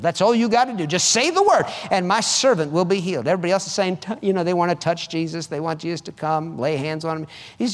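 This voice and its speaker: A man's voice: sits high, fast. A man preaching a sermon, urging his listeners fervently and often repeating his words. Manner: fervent, repetitive exhortation. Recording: long hall reverb.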